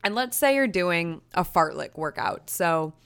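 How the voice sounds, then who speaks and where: A woman's voice: fairly low pitch, animated, unhurried, fairly bright tone, clear, resonant tone. A young woman hosting a podcast on her own, talking in a chatty, rambling way, mocking herself and drifting into side stories. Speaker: podcast host. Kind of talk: casual solo podcast chat.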